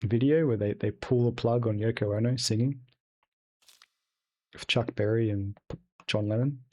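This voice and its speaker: A man's voice: mid-range voice, moderate pace, a little mellow. A young man streaming a video game live, chatting casually and rambling, with plenty of swearing. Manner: rambling, profane, laid-back. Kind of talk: casual live-stream chat while gaming.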